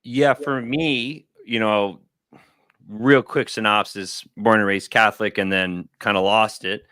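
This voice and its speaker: A man in his thirties chatting casually on a livestream. He rambles through personal stories and acts out his friends' lines in a higher voice. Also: fairly even intonation, a little slow, pushed and bright, no echo, studio quality. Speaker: guest. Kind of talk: casual storytelling conversation. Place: home studio.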